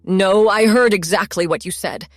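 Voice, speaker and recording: A woman voicing a protective, fiercely loyal young brother who speaks low and firm in a story reading. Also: expressive, measured pace, no echo, clean studio sound. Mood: angry. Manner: low, firm, then gentle.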